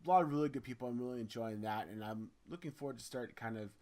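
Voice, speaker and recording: A man's voice: medium pitch, fast, a little mellow. A man hosting a gaming podcast in casual chat, upbeat and teasing, laughing readily. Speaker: podcast host.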